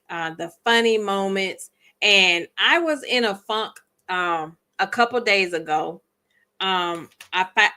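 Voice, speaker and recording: A woman's voice: mid-range voice, sharp tone. A woman chatting heartfelt and reflective on her vlog, with many ums. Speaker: vlogger. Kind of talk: casual chat.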